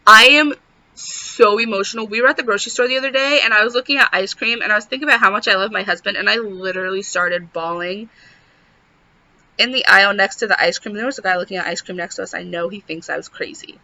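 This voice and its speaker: A woman's voice: mid-range voice, fast, pushed and bright. A young pregnant woman vlogging in casual chat, rambling and saying "like" constantly. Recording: dull lo-fi sound.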